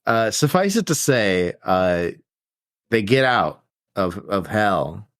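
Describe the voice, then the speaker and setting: A man co-hosting a podcast, casually retelling a film's plot in a loose, rambling way with quick acted-out quotes. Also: on the low side, big pitch swings, a bit bright, no room sound, studio quality. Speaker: podcast co-host. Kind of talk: casual movie recap chat.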